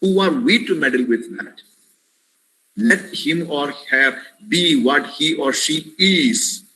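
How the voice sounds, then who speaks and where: An earnest man with an Indian English accent preaches about parenting in a webinar lecture, repeatedly calling out to "my dear friends" and stressing key words by repeating them. He speaks slowly in a high, bright, forceful voice. Recorded on a webinar headset or computer mic, the audio is low quality with slight background noise.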